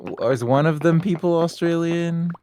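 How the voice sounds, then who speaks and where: A man's voice: fairly high pitch, moderate pace, darkish tone, a little hiss or hum. A man chatting casually on a game stream, joking and swearing freely with frequent laughs. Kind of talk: casual chat.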